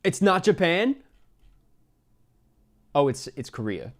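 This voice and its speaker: A man streaming a geography guessing game, talking to himself and his chat in an excitable, casual way. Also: a little high, takes it slowly. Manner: excitable, talks to himself while guessing, swears. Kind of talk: casual live gameplay chat.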